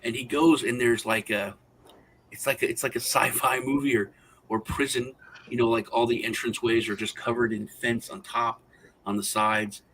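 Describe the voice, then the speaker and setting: A man's voice: medium pitch, steady tone, moderate pace, fairly bright tone, a little hiss or hum, low-quality recording. A man co-hosting a casual roundtable chat, telling long rambling anecdotes. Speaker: co-host.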